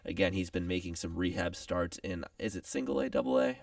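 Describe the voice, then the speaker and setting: A man's voice: deep voice, a little fast, gravelly, no room sound, clean studio sound, far from the mic. A young man co-hosting a sports radio show, talking casually and conversationally with a joking touch. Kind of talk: sports talk analysis.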